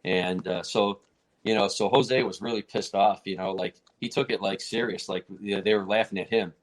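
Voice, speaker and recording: An American martial arts federation president, appearing as a guest in an interview, tells a fight story casually and animatedly. His voice sits on the low side at a normal pace, and he shouts out the quoted lines.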